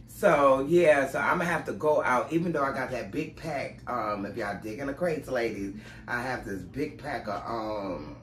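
A man's voice: medium pitch, a bit bright, reverberant. A man chatting casually to camera at home as a lifestyle vlogger, rambling from one story to the next.

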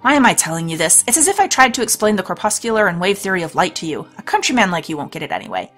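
A woman's voice: on the low side, sing-song, rapid-fire, a bit bright, soft background music. A woman voicing a talkative, condescending male alien courier in a storybook game. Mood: explaining. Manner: rambling, condescending.

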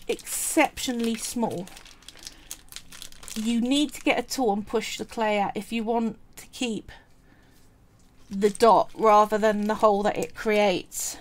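A woman's voice: fairly high pitch, a little hiss or hum. A woman with a Cockney accent, talking chattily through a craft tutorial at home, thinking aloud as she works. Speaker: polymer clay crafter and streamer.

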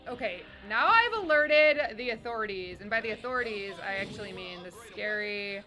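A woman giving bubbly, excited let's-play commentary, cheering and squealing at the game as she plays. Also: a little high, fairly quick, hardly any pauses. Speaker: gaming streamer. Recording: game music playing behind. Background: game music.

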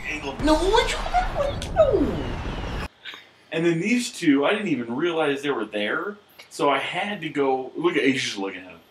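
Man, rowdy let's play commentary, laughing and swearing, wildly swinging pitch, echoey room, loud background noise. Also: sing-song, fairly quick. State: intoxicated. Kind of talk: casual gameplay commentary.

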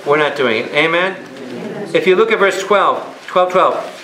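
High, bright-voiced priest in an echoey hall. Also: male voice, animated, a little slow. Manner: emphatic, keeps firing questions at the listeners. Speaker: priest teaching a Bible study. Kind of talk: lively Bible study teaching to a live group. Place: a meeting room or church hall with a live audience. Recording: echoey room.

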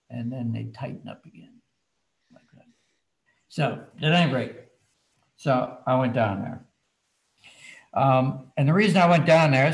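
A man, a children's book author, telling a story from his childhood in a casual, animated way. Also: medium pitch, rough recording.

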